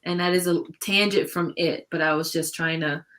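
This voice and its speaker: A woman's voice: fairly low pitch, fairly even intonation, moderate pace, a bit bright. A woman in a book club discussion on a video call, talking casually and hesitantly, searching for words and laughing often. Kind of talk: casual chat.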